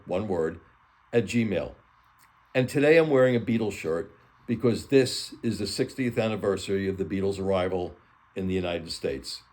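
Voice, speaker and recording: Man author reading stories aloud, somewhat low voice, earnest and plain. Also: a little mellow. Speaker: author and channel host.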